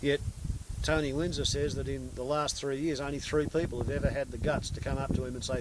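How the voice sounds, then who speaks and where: A man's voice: mid-range voice, flat delivery, brisk, background noise. An Australian man ranting about politics in an unscripted monologue, sarcastic, crude and scornful. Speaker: political commentator.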